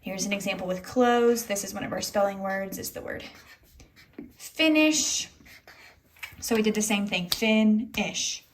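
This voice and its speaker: A young woman, an elementary school teacher, rambles through a casual day-in-the-life vlog with a lilt, dropping plenty of "like"s and "anyways." Her mid-range, darkish voice holds a steady tone as she talks fast with hardly any pauses. There's a little hiss or hum in the audio.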